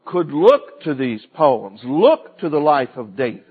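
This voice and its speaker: A man preaching a sermon, swinging from loud cries to hushed, quiet lines. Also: fairly high pitch, lively intonation, moderate pace, hardly any pauses, breathy edge. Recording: tinny phone-like sound with faint music.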